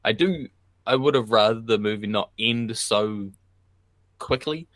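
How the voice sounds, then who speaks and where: A man's voice: on the low side, a little slow, fairly bright tone, dry recording. A man co-hosting a movie podcast in casual chat, laid-back, swearing freely and laughing often. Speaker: podcast co-host.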